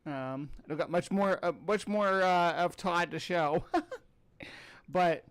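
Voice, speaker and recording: Halting, higher-voiced male podcast host. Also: clear, resonant tone. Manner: rambling, halting, filler-heavy. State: tired, yawning. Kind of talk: casual chat.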